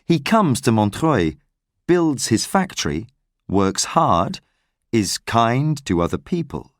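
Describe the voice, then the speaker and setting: A man narrating a simple graded reader story in a clear, careful way. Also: medium pitch, big pitch swings, no echo, studio quality. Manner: slow, clear, carefully paced reading.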